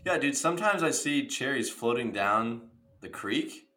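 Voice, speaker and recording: A man's voice: lively intonation, unhurried, sharp tone. A young man co-hosting a podcast, chatting casually and jumping into playful voices to tell stories. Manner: playful, jumps into shrill voices when acting out stories. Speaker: podcast co-host. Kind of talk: casual chat.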